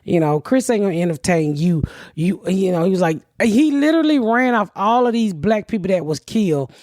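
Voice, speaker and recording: A woman's voice: mid-range voice, animated, a little fast, a little mellow, no echo, studio quality. A woman hosting a podcast who tells stories in a blunt, profane way. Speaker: podcast host. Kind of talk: casual podcast chat.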